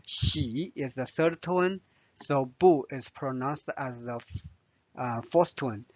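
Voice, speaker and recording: Man, Chinese accent, language teacher, very slow delivery, dry dull recording. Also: mid-range voice, no room sound. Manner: slow, careful, with restarts and fillers. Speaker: Mandarin teacher. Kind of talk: language lesson narration.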